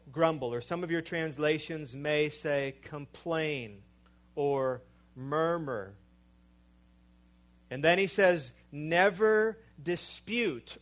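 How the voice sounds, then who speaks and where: A male preacher delivering a sermon in a slow, emphatic way, with dramatic drops in volume. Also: fairly high pitch.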